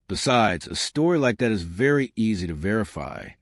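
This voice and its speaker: A man's voice: fairly low pitch, very animated, no echo, clean studio sound. A man doing a shrewd, polite Belgian detective. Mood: measured. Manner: polite and measured.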